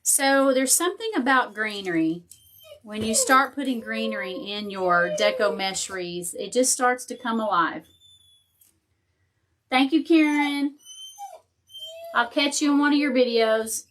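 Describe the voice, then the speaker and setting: A woman's voice: a little high, animated, measured pace, long pauses, a bit bright, slight background noise. A woman hosting a casual live crafting tutorial. She thinks aloud as she works and chats with viewers and her dog.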